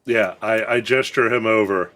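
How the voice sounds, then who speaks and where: A man plays a tabletop game, describing what his character does. He talks casually, pausing on fillers as he thinks. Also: on the low side, bright, forceful tone. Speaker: player.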